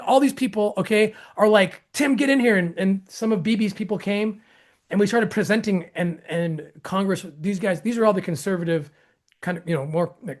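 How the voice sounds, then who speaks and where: A man hosting an interview, telling a story with excitement, acting out what others said and breaking into laughter. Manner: excitable, acts out quoted dialogue with jumps in pitch; frequent restarts and laughter. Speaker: host.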